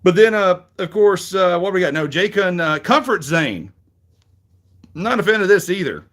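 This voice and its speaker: A man's voice: high voice, expressive, moderate pace, fairly bright tone. A middle-aged man with a Southern US accent, casually recapping wrestling as a show host, rambling, frank and swearing freely. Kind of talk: casual commentary.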